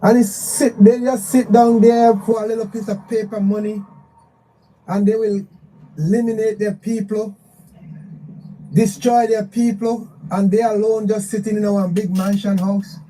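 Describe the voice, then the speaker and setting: A man's voice: high voice, flat delivery, a little slow, warm tone, far from the mic, rough recording. A man calling into a live show, speaking emotionally and rambling, repeating himself often. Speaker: caller. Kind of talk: emotional call-in remarks.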